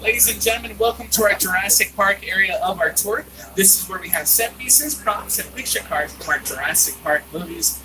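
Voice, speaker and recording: A man leading a theme park tram tour, joking and getting excited as he narrates. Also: high voice, far from the mic, noisy background. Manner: playful, jokey, excitable.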